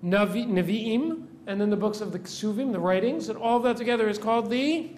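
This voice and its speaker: Speaking a little fast in a high-sitting, darkish voice, a rabbi leads a classroom lecture over a faint hiss or hum. He takes his students through each step, quizzing them and asking "right?" after nearly every point.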